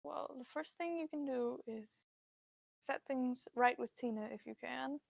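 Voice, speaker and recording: A woman voicing a thin, frail aging mother who speaks softly and haltingly, soothing her son. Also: high-pitched, vocal fry, no room sound, exaggerated voice. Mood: tender. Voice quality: soft, hushed, wavering.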